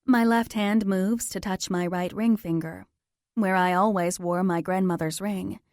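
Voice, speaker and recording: A woman reading a first-person romance audiobook at an unhurried, slow pace. Her voice sits mid-range and intimate, recorded close and dry. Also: mid-range voice, steady tone, a little mellow, no echo. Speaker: audiobook narrator.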